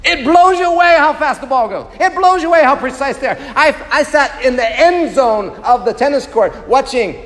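A man's voice: very high-pitched, lively intonation, normal speed, hardly any pauses, fairly bright tone. A man preaching a sermon in a church, emphatic and full of rhetorical questions to the congregation. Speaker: pastor. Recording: long reverb of a large hall.

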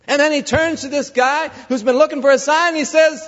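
A man's voice: very high-pitched, steady tone, fairly quick, a bit bright. A man preaching a sermon, telling stories and asking the congregation rhetorical questions. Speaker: pastor. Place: large church sanctuary. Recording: dull lo-fi reverberant church recording.

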